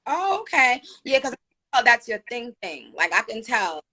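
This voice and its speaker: She has a slightly high, breathy voice and a moderate pace, and her accent is New York. Hosting a live stream, she chats casually and animatedly with plenty of fillers.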